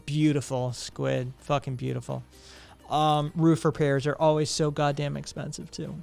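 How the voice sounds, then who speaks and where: Male streamer host, casual sarcastic chat, smooth resonant tone, faint music underneath. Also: on the high side, flat delivery, moderate pace, a little mellow. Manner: blunt and profane, laughing and sarcastic. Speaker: live streamer hosting a chat show. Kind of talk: casual live-stream chat, reading viewer comments.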